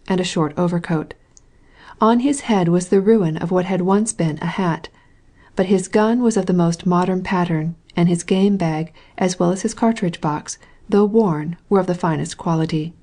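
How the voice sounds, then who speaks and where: Mellow low-voiced woman narrating. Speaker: audiobook narrator. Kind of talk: scripted narration of a classic novel.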